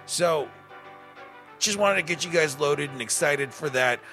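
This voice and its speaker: A man's voice: a little high, expressive, a little slow, sharp tone, soft background music. A man hosting a radio show, chatting casually and rambling between songs with self-deprecating asides. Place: radio studio.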